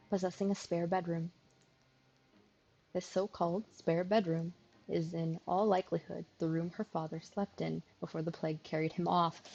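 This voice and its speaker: A sleepy woman streamer reading a visual novel aloud, with a gravelly, husky voice. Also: on the low side, a little mellow, dull audio. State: sleepy, yawning.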